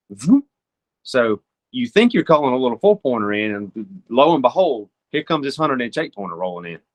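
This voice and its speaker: A young man from Georgia, talking as a podcast guest. He tells hunting stories with energy and acts out the sounds he describes. His voice sits at an ordinary middle pitch. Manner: animated, imitates deer sounds and calls. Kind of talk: storytelling hunting advice.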